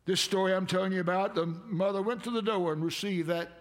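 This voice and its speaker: An older man preaching a heartfelt sermon as a pastor, telling a story in an earnest, slow way and leading a prayer. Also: high voice, steady tone.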